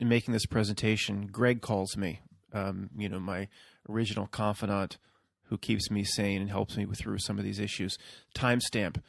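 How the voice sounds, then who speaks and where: A man's voice: lowish voice, vocal fry, no room sound, clean studio sound. A man hosting his own video, talking in a rambling, casual monologue and often checking in with his listeners. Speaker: video host.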